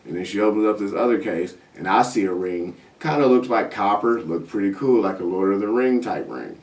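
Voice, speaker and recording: A man and comedy host telling a story in a profane, self-deprecating deadpan manner. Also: lowish voice, a little fast. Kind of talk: comic storytelling. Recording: roomy sound, mic at a distance.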